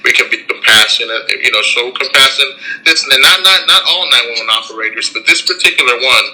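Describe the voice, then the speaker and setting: A man's voice: medium pitch, animated, fast talker, sharp tone, low-quality recording. A man hosting a podcast, commenting in a rambling, indignant way, full of fillers. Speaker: podcast host. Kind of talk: casual commentary.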